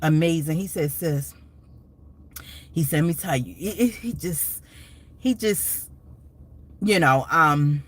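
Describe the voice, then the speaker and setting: A woman's voice: deep voice, slow, long pauses. A woman hosting a casual live stream, talking in a rambling, emotional way with many restarts and asides.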